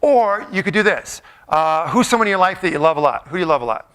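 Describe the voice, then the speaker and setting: High bright man joking with a crowd. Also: animated, quick pace. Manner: playful, jokey, quizzes the crowd. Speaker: motivational speaker. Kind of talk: live audience talk. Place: large room with a live audience.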